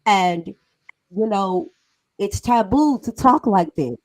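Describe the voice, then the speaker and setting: A middle-aged woman co-hosts a podcast discussion at a mid-range pitch. She talks in an emphatic, conversational way and laughs often. The recording is dry and close, with no room sound. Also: animated, slow pace, no echo, low-quality recording. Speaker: podcast co-host.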